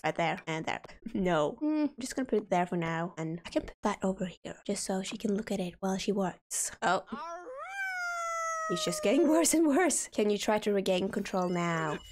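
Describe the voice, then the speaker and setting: A woman hosting a gaming channel, giving casual, expressive commentary as she plays a life-simulation game and talks to her characters. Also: on the low side.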